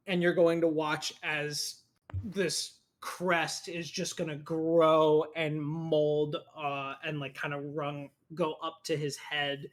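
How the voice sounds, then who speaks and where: A man running a tabletop game as game master, cursing freely and excitable. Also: fairly high pitch, slow pace. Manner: profane, excitable, laughing.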